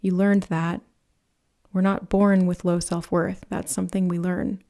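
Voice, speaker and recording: A woman giving a pick-a-card tarot reading, speaking in a gentle, earnest way that rambles a little, with soft laughs. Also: lowish voice, level tone, a little slow, creaky. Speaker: tarot reader.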